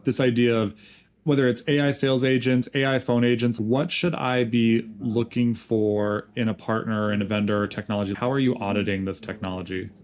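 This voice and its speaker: Relaxed male podcast host. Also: mid-range voice, fairly quick. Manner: relaxed, affirming, rambling questions. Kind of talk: interview questions, casual.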